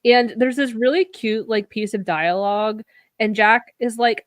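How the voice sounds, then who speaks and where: A woman co-hosting a podcast recaps an episode in chatty, casual conversation at a moderate pace. Her voice is mid-range, she swears freely and acts out the characters' lines, and the recording is dry.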